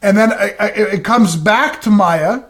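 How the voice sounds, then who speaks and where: A man co-hosting a podcast, telling funny stories in a casual, animated and profane way. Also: high-pitched, normal speed. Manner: animated, profane, self-mocking storyteller. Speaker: podcast co-host. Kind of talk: casual storytelling chat.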